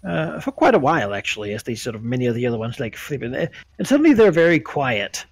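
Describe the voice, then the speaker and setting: A man's voice: medium pitch, very animated, fast talker, gravelly, low-quality recording. A man running a tabletop game as game master, narrating casually with many fillers.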